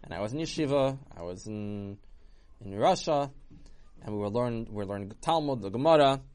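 A man's voice: fairly low pitch, expressive, normal speed, a little mellow, pitched below the performer's own voice, close to an everyday voice. A man voicing an older male painter who earnestly confesses how he drifted from his faith.

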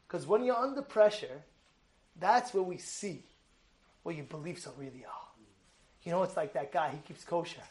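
A man giving an animated sermon as a rabbi, acting out shouts and quotes with many restarts. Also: high voice. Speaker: rabbi giving a weekly Torah talk.

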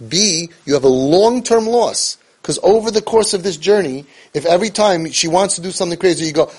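A man's voice: sits high, animated, brisk, few pauses, darkish tone, slightly rough. A man, speaking with emotion to parents as a parenting coach and mixing in Yiddish and Hebrew words. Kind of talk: impassioned talk to parents.

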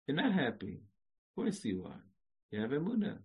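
A man's voice: mid-range voice, huge pitch swings, normal speed, pauses often, breathy edge, poor audio. A man giving a religious lecture, repeating short phrases, laughing and breaking into song. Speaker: Jewish lecturer.

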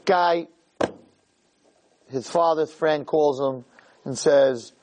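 A man's voice: on the high side, extremely slow, a little mellow, a little hiss or hum, rough recording. A man giving a humorous sermon as a rabbi, telling a story with acted-out dialogue and speaking directly to his listeners. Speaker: rabbi teaching a class.

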